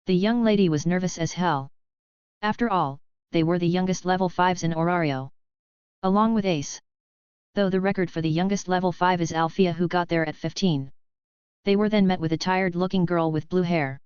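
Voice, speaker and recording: A woman narrating a novel in a steady, even reading style. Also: fairly low pitch, a little fast, clear, resonant tone, dry recording. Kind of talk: scripted audiobook narration. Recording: dull dry lo-fi recording.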